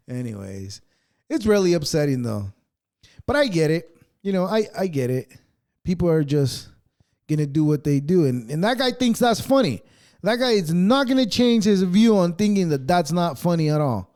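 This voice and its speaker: A man's voice: a little high, moderate pace, pauses often. A man hosting a podcast, ranting casually with heavy swearing and sarcasm as he reacts to clips. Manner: profane, sarcastic, animated ranting. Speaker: podcast host.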